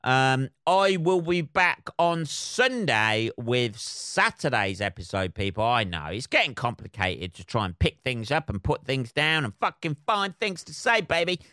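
A man's voice: mid-range voice, big pitch swings, unhurried, few pauses, pushed and bright, no room sound, clean studio sound. A male comedian hosting his own podcast, ranting in a heated, sweary, rambling way. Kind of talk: solo podcast rant.

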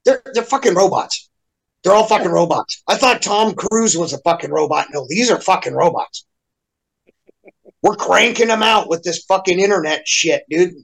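A man's voice: high-pitched, animated, moderate pace, vocal fry, a bit bright, poor audio. A man in a casual podcast chat, ranting heatedly with constant swearing and mocking impressions of other people. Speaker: podcast guest. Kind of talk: profane casual rant.

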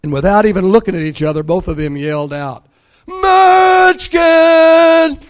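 This older pastor's voice sits on the high side, and he talks fast. His sermon weaves in family stories whose dialogue he acts out with mounting excitement.

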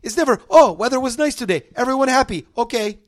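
A loud, high, brash gas station owner , as a man puts him on, ranting and cursing at everybody. He swears constantly and piles up complaints in short, blunt bursts. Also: lively intonation, fast. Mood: complaining. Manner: calls everyone motherfucker, ranting.

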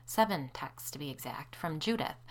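A woman reading a first-person novel aloud, shifting her pitch and loudness to act out the characters' lines. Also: animated, moderate pace. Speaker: audiobook narrator. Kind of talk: first-person audiobook narration.

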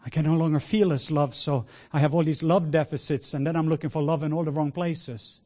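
A man preaching a sermon with passion, moving between hushed words and loud exclamations. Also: a little high, steady tone, brisk. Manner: sprinkles in laughter and cries of "whoa".

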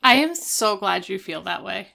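A woman's voice: medium pitch, animated, normal speed, creaky, bright, forceful tone. A woman in casual conversation, earnestly retelling an emotional TV scene and quoting the characters. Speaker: podcast co-host. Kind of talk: casual chat.

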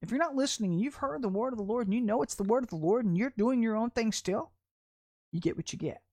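A woman's voice: a little high, fast talker, a little mellow, slightly rough. A woman preacher giving a prophetic sermon in a blunt, confrontational and colloquial way.

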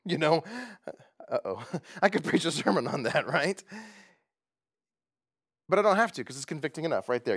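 Animated, laughing male pastor preaching. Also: a little high, moderate pace, long pauses. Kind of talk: sermon. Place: church gathering.

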